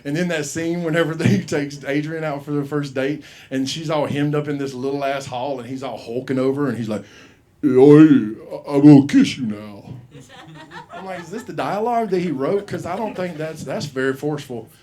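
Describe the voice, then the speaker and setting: A man's voice: on the high side, brisk, few pauses, darkish tone. A man hosting an open mic and doing a loose stand-up set, cursing freely and acting out voices in his stories, on a handheld mic in a comedy club. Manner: profane, rambling, acts out voices in quoted bits. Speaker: comedy show host.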